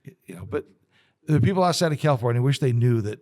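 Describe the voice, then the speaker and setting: A man hosting a podcast, reminiscing and chatting in a relaxed, rambling way. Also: medium pitch, fast. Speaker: podcast host. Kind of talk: casual podcast conversation.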